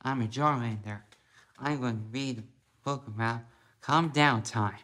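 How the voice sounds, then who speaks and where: A man reading a children's picture book aloud, slowly and haltingly, a few words at a time. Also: mid-range voice, a bit bright. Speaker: storybook reader.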